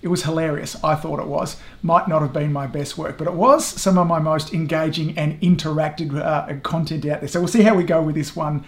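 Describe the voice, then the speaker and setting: A man hosting a podcast interview over a video call from home, chatting warmly and effusively, with self-deprecating humour. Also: a little high, steady tone, a little fast, creaky, few pauses. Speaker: podcast host. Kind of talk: casual interview chat. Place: home in the evening.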